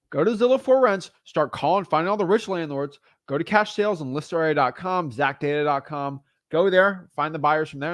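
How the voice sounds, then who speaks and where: A man coaching real estate wholesaling in a blunt, energetic, casual way. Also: a little high, dry recording, studio quality. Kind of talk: casual instructional talk.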